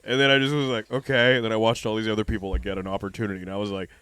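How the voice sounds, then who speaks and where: A man's voice: lowish voice, racing, clear, resonant tone, no room sound. A man co-hosting a comedy podcast in casual chat, telling self-mocking stories about his early career. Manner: lively, self-mocking storytelling.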